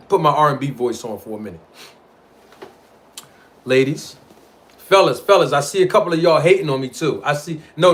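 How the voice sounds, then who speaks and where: A man hosting a live stream, arguing his point about a boxing feud in slangy street talk and calling out to the people in his live chat. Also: a little high. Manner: animated, argumentative, addresses live chat directly. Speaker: livestream host. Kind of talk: boxing commentary livestream.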